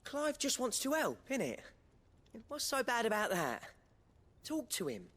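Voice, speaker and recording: A chatty lad with a high, lively voice. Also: male voice, a little slow, full character voice. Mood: pleading. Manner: chatty, slangy, coaxing. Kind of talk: video game voice acting.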